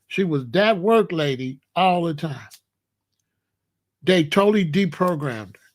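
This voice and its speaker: A middle-aged American who hosts a commentary channel delivers a blunt, emphatic, casual monologue, frequently repeating himself. His voice is fairly high in pitch with vocal fry.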